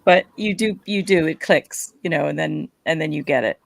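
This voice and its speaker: A woman from the United States casually telling an anecdote on a panel, animated and full of fillers. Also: deep voice, normal speed, vocal fry, no echo, clean studio sound. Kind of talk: casual storytelling chat.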